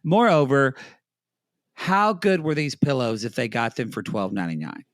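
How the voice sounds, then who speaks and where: A man from Oklahoma hosts a casual podcast chat at a middle pitch. His voice rises and falls a great deal, and he talks in rambling bursts that keep breaking off mid-thought. The sound is dry and close. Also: normal speed, no room sound. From Oklahoma, United States. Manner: animated, rambling, self-interrupting. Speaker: podcast host.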